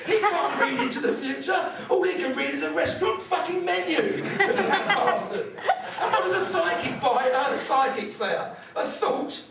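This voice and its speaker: A man's voice: extremely high pitch, noisy background. A man doing a crude, sweary stand-up set, ranting through his punchlines. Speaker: stand-up comedian. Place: comedy club stage with live audience. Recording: echoey live club, far-off mic, loud crowd.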